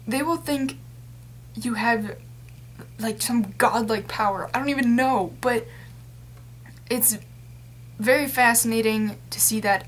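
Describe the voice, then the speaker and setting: Young woman venting to her webcam, kinda high voice, rambly and fed up, lots of likes and ums. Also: a little hiss or hum. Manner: rambling, exasperated, many fillers. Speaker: vlogger. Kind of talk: casual vlog rant.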